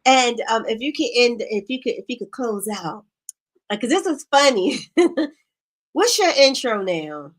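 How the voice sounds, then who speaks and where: A woman coach hosting a live group video call, animated and casual, laughing often and using slang. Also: a little high, unhurried. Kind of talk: lively casual coaching talk.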